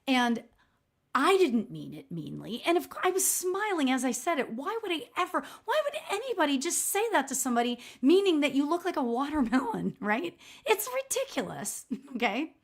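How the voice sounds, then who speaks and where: A middle-aged woman with a slightly high voice hosts a casual live stream as a spiritual medium. She talks in an expressive, chatty way and keeps checking in with her viewers. Her voice is loud. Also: moderate pace. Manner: chatty and expressive, frequent "right?" and laughs; self-described loud voice. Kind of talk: casual livestream storytelling.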